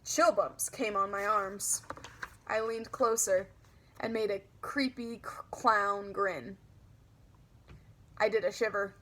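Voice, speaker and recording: A woman narrating a children's audiobook in a lively, childlike storytelling manner. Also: medium pitch, takes it slowly, pauses often, slight background noise.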